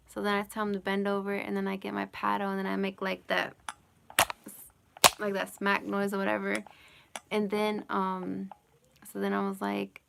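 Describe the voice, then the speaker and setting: Speaking at a normal speed in a monotone, this live-stream host has a medium-pitched, creaky, fairly bright voice. She's at home fielding chat questions casually, rambling with plenty of "like" and "you know" and frequent giggles.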